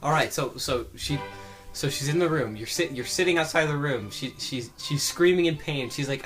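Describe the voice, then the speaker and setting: A young man co-hosting a podcast, telling an absurd improvised story in an excitable, stammering way. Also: on the high side, normal speed. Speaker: podcast co-host.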